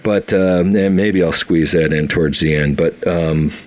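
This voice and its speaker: A man's voice: low-pitched, unhurried, highs cut off. A man in his fifties casually telling an old army story, rambling with many fillers and restarts.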